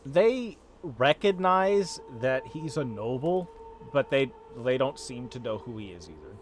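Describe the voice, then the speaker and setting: A man running a homebrew tabletop game as game master, narrating in a relaxed, chatty way with frequent fillers. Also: mid-range voice, measured pace, a little hiss or hum. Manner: relaxed, chatty, laughs often, hesitant fillers.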